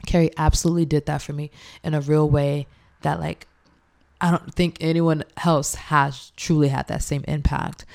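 Young woman, low gravelly voice, lively storytelling, laughs a lot. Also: normal speed. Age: young adult. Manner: animated, laughs often, acts out quoted speech. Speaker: chef and interview guest. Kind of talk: casual interview storytelling.

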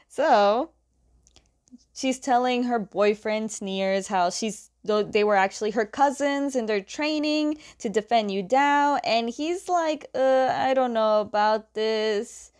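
A woman's voice: on the high side, slow pace, darkish tone. A young woman casually retelling a comic's plot, chatty, with fillers and giggles. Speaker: comic recap host.

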